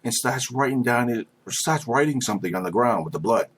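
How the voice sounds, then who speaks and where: A man's voice: mid-range voice, expressive, a little fast, a bit bright, a little hiss or hum. A man running a tabletop game as game master, laid-back, swearing casually and laughing often.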